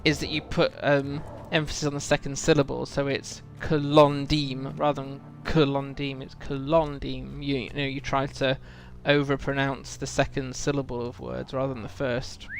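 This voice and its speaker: Faint music sits behind a male game streamer who muses and rambles about lore in a casual chat packed with fillers. His medium-pitched voice is flat, shows vocal fry, moves at a moderate pace and has few pauses.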